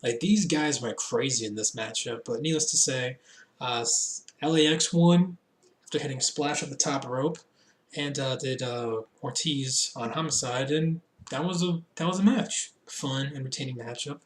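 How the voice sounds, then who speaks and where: A man's voice: mid-range voice, normal speed. A man casually reviewing a show, rambling with lots of fillers and laughing at his own slips, sounding a bit tipsy. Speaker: wrestling reviewer. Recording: echoey room.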